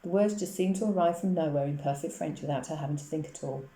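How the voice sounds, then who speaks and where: A woman reading a children's novel aloud with steady, expressive storytelling. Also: sits low, fast talker. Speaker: reader. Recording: echoey room.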